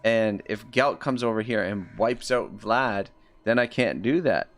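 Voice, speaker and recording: A man's voice: lowish voice, a little slow, faint music behind. A man with a Canadian accent streaming a strategy game, chatting with viewers and reading their messages aloud. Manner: rambling, reads chat aloud, many fillers and restarts. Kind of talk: live gameplay commentary, chatting with viewers.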